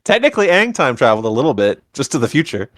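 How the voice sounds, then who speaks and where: A man co-hosting a podcast, chatting casually as he recaps a cartoon series, relaxed and a little profane. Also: medium pitch, quick pace, no room sound, clean studio sound. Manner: relaxed, swears casually, retells scenes with playful impressions. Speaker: podcast co-host.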